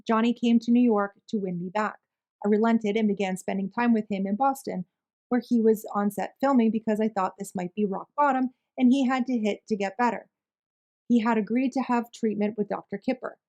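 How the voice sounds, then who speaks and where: A woman reads a long witness statement aloud at a steady, measured pace. Her pitch sits in the middle of the usual range, and she keeps the delivery plain. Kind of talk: plain read-aloud narration.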